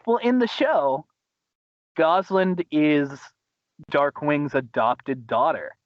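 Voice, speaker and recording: A man hosting a podcast, casually recapping a cartoon episode in an animated way, laughing and acting out quotes. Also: slow pace, no room sound, muffled recording. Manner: animated, laughing, acts out quotes in high voices. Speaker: podcast host.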